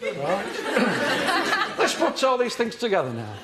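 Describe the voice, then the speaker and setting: John Shuttleworth, a fussy tutor. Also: male voice, extremely high pitch, takes it slowly, heavy background noise, full character voice. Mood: earnest instructing. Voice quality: deadpan, pedantic, self-important. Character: earnest, fussy middle-aged male amateur acting tutor. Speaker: comedy character performer. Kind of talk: live stand-up character comedy. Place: television studio before a live audience. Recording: live TV studio with audience laughter.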